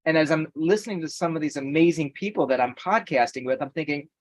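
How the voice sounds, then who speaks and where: A man's voice: fairly high pitch, fast talker, no room sound, low-quality recording. A man talking earnestly and at length as a podcast guest. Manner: earnest and talkative. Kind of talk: casual podcast conversation.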